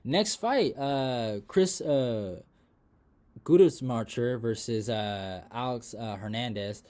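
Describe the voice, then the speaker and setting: A young man hosting a casual fight recap, rambling with many fillers and restarts, dropping into mumbles, then bursting out loud and excited. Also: mid-range voice, slow pace. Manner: rambling, lots of fillers and restarts, swears freely; swings from mumbled asides to excited loud outbursts. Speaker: MMA predictions channel host.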